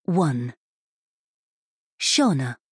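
A woman narrating a novel in a measured storytelling manner, close to the mic. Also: rumbling low, very animated, a little mellow, breathy edge, no room sound. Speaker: audiobook narrator. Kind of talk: scripted narration.

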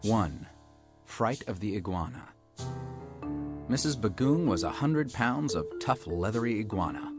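A man's voice: fairly low pitch, animated, measured pace, pauses often, over music. A man reading a children's story in the first person as a wisecracking, hard-boiled detective. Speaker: audiobook narrator.

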